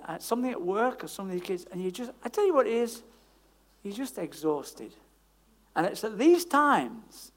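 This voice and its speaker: A preacher delivering a sermon with a lively, swooping voice. The delivery is chatty and emphatic, with plenty of tag questions and asides to the congregation. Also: medium pitch.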